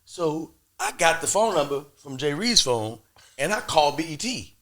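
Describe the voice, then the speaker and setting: A young adult man hosting a podcast, telling a lively story and acting out both sides of phone calls. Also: a little high, normal speed. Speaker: podcast host. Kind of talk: animated storytelling.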